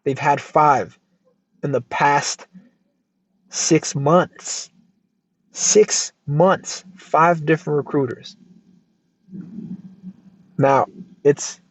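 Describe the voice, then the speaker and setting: An American man hosting a casual advice podcast, reacting to a post in an emphatic, lively way and swearing freely. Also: a little high, no echo. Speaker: podcast host. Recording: dull lo-fi dry sound.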